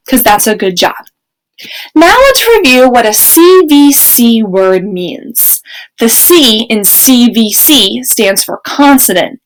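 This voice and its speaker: A young woman teaching a remote kindergarten lesson, speaking slowly and clearly in an encouraging teacher voice. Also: on the high side, rough recording.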